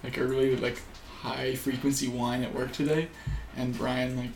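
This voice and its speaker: A young man in casual chat, telling stories haltingly with many fillers and laughing often. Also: mid-range voice, level tone. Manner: slow, halting storyteller, many likes and uhs, laughs often. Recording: echoey room with clear noise.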